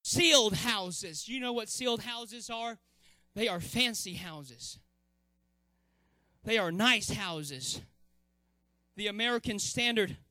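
High bright-voiced male preacher. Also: dry recording. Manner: impassioned preaching with frequent "uh" fillers, swelling to shouted emphasis. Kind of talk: sermon.

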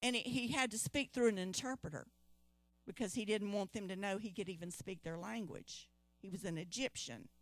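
A woman's voice: medium pitch, moderate pace, dry recording. A woman preaching a sermon, retelling a Bible story and calling out questions to her congregation. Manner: lively, calls out to the congregation.

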